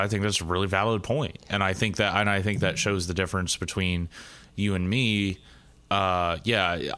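A man's voice: deep voice, sharp tone. A man co-hosting a casual conversation, talking earnestly with frequent restarts and repeated words. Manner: halting, many restarts, earnest.

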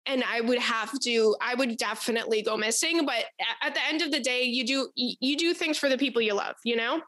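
A young adult woman hosting an advice podcast, talking in a casual, rambling way, cursing often and telling animated stories. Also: high-pitched, no room sound. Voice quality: animated, profane, rambling storyteller. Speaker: podcast host.

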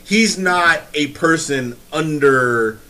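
A man from Northern California co-hosting a casual movie review podcast, animated, laughing and swearing freely. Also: a little high, slow. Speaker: podcast co-host.

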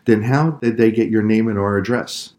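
A strict father lays down the law in a firm, lecturing tone, as a man puts him on. The voice sits very low, close to the reader's own, in a storybook reading. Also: normal speed, darkish tone, natural voice. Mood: stern. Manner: stern, lecturing. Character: stern father, strict and angry.

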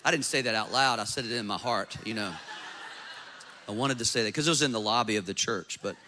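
A man's voice: fairly quick, a little hiss or hum. A man, a pastor preaching a sermon in a church, acting out doubters' voices as he goes. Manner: animated preaching, acts out skeptics in a high voice.

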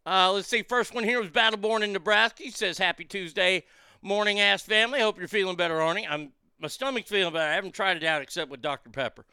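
Here a fast-talking host with a high-sitting voice sounds pushed and bright. His tone is clean and the recording dry as he delivers a rambling, profane, irreverent solo monologue on his own show, using a studio mic fed through a mixing board.

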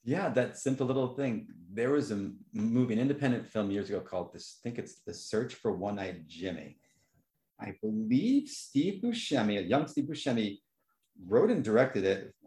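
Man, casual podcast chat, expressive storyteller, recorded in a roomy echo. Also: moderate pace. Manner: animated storyteller, voice jumps high for quoted reactions. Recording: echoey room.

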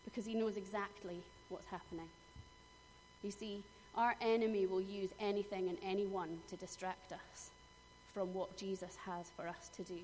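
A woman's voice: medium pitch, steady tone, moderate pace, darkish tone. Middle-aged female preacher, earnest storyteller with emphatic moments; reverberant hall. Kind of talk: sermon. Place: church hall. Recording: long hall reverb, faint noise.

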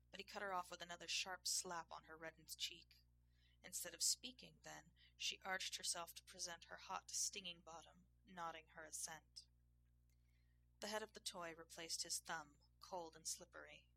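A woman reading an erotic story aloud in a measured, intimate way. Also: fairly low pitch, fairly even intonation, vocal fry, bright, forceful tone, slight background noise, poor audio. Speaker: narrator. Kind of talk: erotic audiobook narration.

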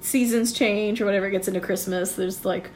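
A woman's voice: medium pitch, steady tone, fairly quick, darkish tone, slight background noise. Rambling, swearing woman in casual chat.

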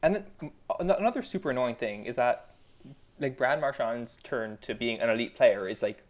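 A man's voice: medium pitch, lively intonation, moderate pace. Sarcastic ranting hockey-fan man. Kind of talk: casual sports podcast chat.

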